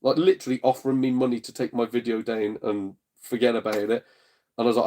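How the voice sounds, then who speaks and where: Guy live streaming from his front room, chatty and jokey, swears a bit, mid pitch. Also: fairly even intonation, fast talker, mellow. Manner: chatty, blunt, jokey, swears, puts on voices in retold exchanges. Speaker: streamer and gaming channel host. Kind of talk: casual live-stream chat reading viewer comments.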